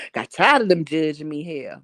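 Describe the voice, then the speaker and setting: A livestream host from Harlem, her New York accent shaded with Southern drawl, bluntly reads out chat comments while joking and laughing often. Her low voice is very animated and fairly bright, a bit slow in pace. The phone recording has no room sound.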